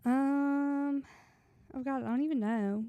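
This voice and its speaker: Soft-spoken Southern woman, fairly high voice. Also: fairly even intonation, slow, no room sound. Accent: Southern American. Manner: soft-spoken, emotional, laughs often. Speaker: podcast co-host. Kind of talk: casual chat.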